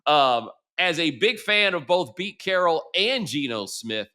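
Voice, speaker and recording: A man's voice: fairly high pitch, big pitch swings, a little slow, pushed and bright. A middle-aged man hosting a sports talk show, talking in a casual, slangy, conversational way.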